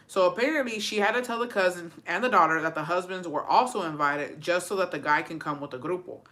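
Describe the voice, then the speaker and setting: Bright-voiced, profane woman streamer. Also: lowish voice, quick pace, hardly any pauses. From Texas. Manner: profane, animated, mixes English and Spanish. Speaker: livestream host. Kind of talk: casual chat reacting to viewer stories.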